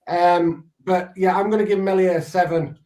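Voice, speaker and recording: A man with a Yorkshire accent rating players in a casual football chat, rambling with drawn-out phrases. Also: high voice, fairly even intonation, warm tone. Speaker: panelist.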